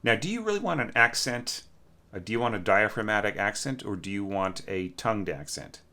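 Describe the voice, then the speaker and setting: A man with a deep voice and a crisp, forward edge, teaching orchestration from home. He talks in a loose, conversational way, full of fillers, and hums passages to show how they should sound. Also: animated, fairly quick, bright, forceful tone. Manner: candid and conversational, sings passages, many fillers. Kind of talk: casual score critique. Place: home room with a snoring cat.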